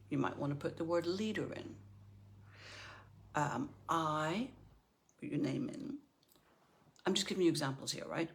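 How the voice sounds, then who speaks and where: A woman's voice: deep voice, measured pace, long pauses, noisy background. A middle-aged woman from Northern Ireland, a life coach giving a chatty motivational talk and often checking in with "right?".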